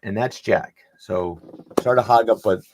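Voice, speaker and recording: On a podcast, a middle-aged man with a slightly rough, low voice talks at a normal speed. The panelist rambles through a long anecdote, performing the dialogue as he tells it.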